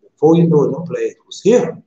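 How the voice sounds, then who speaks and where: A man's voice: fairly high pitch, expressive, fairly quick, mellow. A man preaching an impassioned sermon in a casual, pleading way, repeating himself often. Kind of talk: impassioned street-style sermon. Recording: echoey, muffled, slightly noisy recording.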